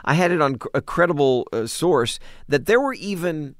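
A man's voice: fairly high pitch, animated, moderate pace, no room sound, studio quality. A middle-aged man, a comedian, chatting casually as a guest and telling rambling stories. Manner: rambling storyteller, acts out quoted lines. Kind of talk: casual chat.

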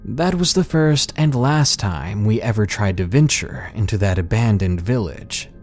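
A man narrating horror stories in a slow, measured way, his pitch rising and falling with a lively range. Soft music plays underneath his voice. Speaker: narrator reading submitted scary stories.

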